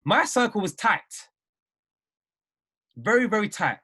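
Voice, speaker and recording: Husky-voiced man coaching. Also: high-pitched, sing-song, slow, sharp tone. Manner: emphatic, repeats phrases, preachy. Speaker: trading mindset coach. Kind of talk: live-stream motivational talk answering viewers.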